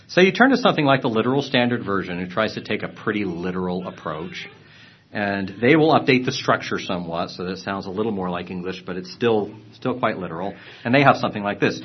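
A man teaching a lesson on Bible translations, explaining earnestly, clearing his throat and restarting phrases. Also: fairly low pitch, lively intonation, fairly quick, highs cut off.

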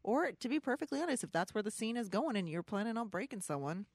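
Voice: medium pitch, very animated, fast, dry recording, studio quality. A podcast co-host explaining things in a direct, emphatic, matter-of-fact way. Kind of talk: casual chat.

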